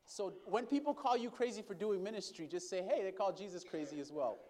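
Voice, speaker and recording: A man with a high voice preaching, who shifts from loud calls to soft asides as he tells his story. He speaks to the congregation as brothers and sisters and draws responses from them. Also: brisk. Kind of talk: sermon storytelling.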